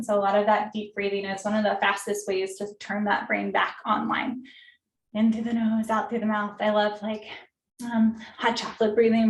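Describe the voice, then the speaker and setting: A woman, an occupational therapist, gives an informal, friendly workshop talk to parents, full of fillers and asides. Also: mid-range voice. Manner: friendly, conversational, many fillers. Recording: roomy echo, distant mic.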